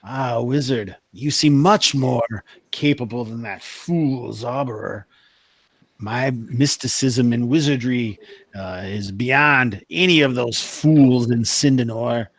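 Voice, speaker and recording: A sultry, scheming sorceress purrs her offers, put on by a man running the game. The voice sits at a middling pitch with no room sound at all. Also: takes it slowly, no echo. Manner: sultry, purring. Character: sultry scheming female sorceress, evil magic-user.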